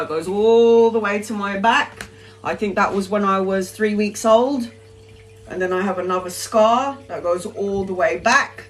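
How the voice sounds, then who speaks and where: A woman's voice: medium pitch, slight background noise, rough recording. A woman, talking on a live stream in an emphatic, rambling way that is peppered with swearing. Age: 40s. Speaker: tarot reader live streamer.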